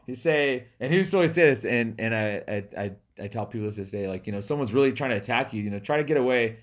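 A lively man hosts a casual podcast chat in a voice of ordinary middle pitch. He tells stories with plenty of laughter and acts out the people he quotes. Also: quick pace, hardly any pauses. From US Native American reservation.

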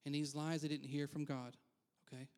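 Candid, higher-voiced male pastor preaching. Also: little pitch movement, brisk, darkish tone. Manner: candid, self-deprecating, frequent asides. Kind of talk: conversational sermon.

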